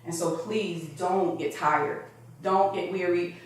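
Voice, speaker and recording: A woman from Georgia, a motivational speaker talking to a meeting in a lively, emphatic way. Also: fairly low pitch, takes it slowly. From Georgia, USA. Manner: lively, emphatic, laughing often. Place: meeting room. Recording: echoey room, distant mic, faint noise.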